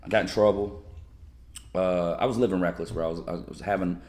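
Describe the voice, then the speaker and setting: A man's voice: deep voice, steady tone, a little fast, darkish tone. A man in his thirties from Kentucky, telling wild stories in a casual, profane interview, often laughing. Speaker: guest. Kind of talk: casual storytelling.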